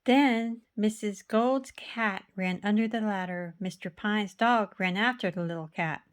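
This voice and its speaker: A woman's voice: medium pitch, measured pace, clean tone. A woman reading a children's picture book aloud, rhythmic and playful with sound words. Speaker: storybook reader.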